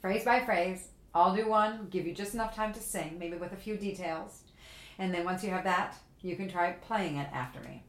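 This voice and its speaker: A woman's voice: fairly low pitch, normal speed. A woman host giving a casual spoken music lesson, explaining step by step and now and then singing phrases of the tune on syllables. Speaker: music teacher and podcast host. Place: home kitchen.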